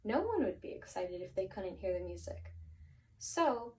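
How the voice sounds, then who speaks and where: A woman's voice: medium pitch, big pitch swings, moderate pace, far from the mic, slight background noise, poor audio. A woman teacher walking a class through vocabulary in an encouraging way, thinking aloud and often restarting her sentences. Her voice sits in a middle register and is picked up from a little way off the mic.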